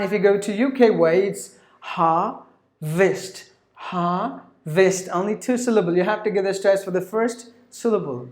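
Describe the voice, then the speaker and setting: A woman's voice: medium pitch, reverberant. A woman teaching pronunciation, repeating each word several times with many fillers. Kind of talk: online pronunciation lesson.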